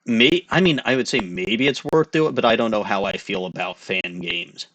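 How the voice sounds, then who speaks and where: A man's voice: on the low side, fairly bright tone. Chatty male let's-play host. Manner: chatty, self-deprecating, quick asides. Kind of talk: casual game commentary.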